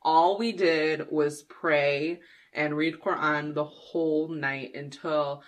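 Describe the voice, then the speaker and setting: A woman's voice: low-pitched, slow pace. A young woman telling a story in casual chat, acting out quotes with lots of laughter. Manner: expressive, acts out quotes, laughs often. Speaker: podcast co-host.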